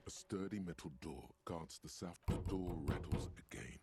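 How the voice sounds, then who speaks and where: A man voicing a gruff inner-voice narrator in a video game, reading scripted narration with a gravelly, husky sound. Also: low voice, moderate pace, heavy background noise. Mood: terse.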